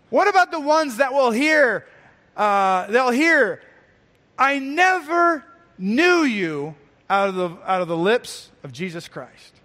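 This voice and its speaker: A male pastor preaching a sermon, musing aloud with repeated words and reading scripture slowly. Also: high-pitched, fairly bright tone, big-room sound.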